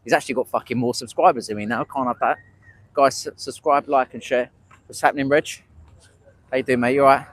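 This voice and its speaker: This livestreaming citizen journalist talks quickly in a steady, mid-range voice, chatting loosely with his stream's viewers while at a street protest. He wanders from point to point and addresses the chat directly. His small wearable mic picks up a clean signal with no echo.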